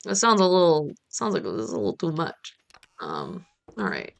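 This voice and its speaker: A woman's voice: low voice, huge pitch swings, normal speed, vocal fry. A woman in her thirties from the United States, chatting playfully and rambling about her day while playing a farming game on stream. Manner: playful, rambling, self-mocking. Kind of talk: casual gameplay chat.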